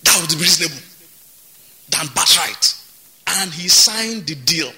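Man, pastor, sermon, emphatic, repeats words, high pitch. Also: lively intonation, measured pace, sharp tone. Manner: emphatic, repeats words, laughs between points.

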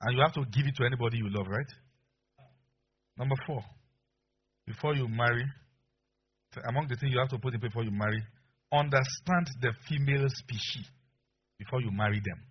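A man preaching a sermon as pastor, telling stories with animated delivery and frequent laughter, on a dull lo-fi recording. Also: mid-range voice, brisk, long pauses, husky. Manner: animated storyteller, acts out voices, laughs often.

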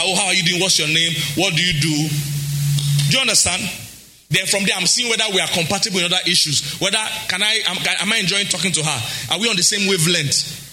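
A Nigerian man preaching a sermon on relationships, in a sing-song style that breaks into acted quotes and bursts of shouting. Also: sits high, slight background noise. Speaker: pastor.

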